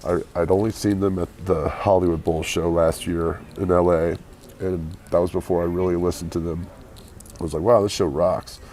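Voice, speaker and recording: A hungover man chatting casually with his live-stream viewers from an airport, keeping his voice quiet and low. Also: little pitch movement, normal speed. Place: airport waiting area.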